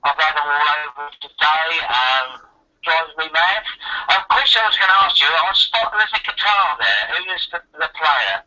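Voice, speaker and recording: A man's voice: fairly high pitch, lively intonation, moderate pace, bright, forceful tone, recorded from a distance. Older man calling in on speakerphone. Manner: friendly, easygoing. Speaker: caller. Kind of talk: phone call-in chat. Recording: tinny speakerphone from afar.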